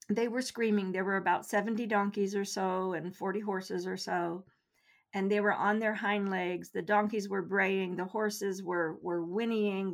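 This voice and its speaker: A woman's voice: medium pitch, creaky. Earnest middle-aged woman telling her story. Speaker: guest. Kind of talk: interview storytelling.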